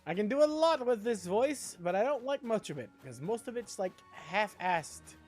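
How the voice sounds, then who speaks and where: High, lively young streamer guy. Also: moderate pace, soft background music. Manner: rambling, chatty, jokey asides. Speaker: live streamer. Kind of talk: casual chat while gaming.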